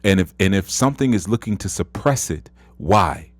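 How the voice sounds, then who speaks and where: A man's voice: sits low, expressive, moderate pace, dry recording. A man in his thirties hosting an audio chat room, giving a casual motivational talk, emphatic and repetitive with lots of "you know". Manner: emphatic, repeats words, frequent "you know".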